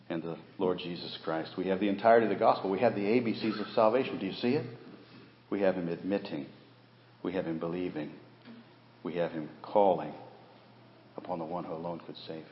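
Low-voiced pastor preaching in an echoey hall. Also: male voice. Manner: preaching with swelling emphasis and rhetorical questions. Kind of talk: sermon. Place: church sanctuary. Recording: echoey hall, dull muffled sound.

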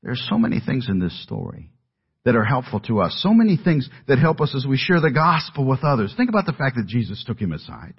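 A pastor preaching an expository sermon in a husky, mid-pitched man's voice. He talks earnestly and lifts his voice on questions. The recording is dull and lo-fi. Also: big pitch swings, quick pace. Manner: earnest, rising with emphasis on questions.

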